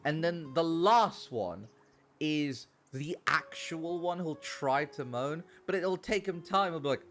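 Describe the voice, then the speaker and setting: A young man, chatting casually on a gaming stream, telling animated stories, swearing and laughing. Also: a little high, slow pace. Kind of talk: casual chat while gaming. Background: faint background music.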